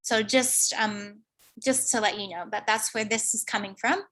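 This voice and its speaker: Woman lecturing slowly over a call. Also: a little high, steady tone, fairly bright tone. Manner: slow, explanatory, thinking aloud with fillers. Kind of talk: online lecture.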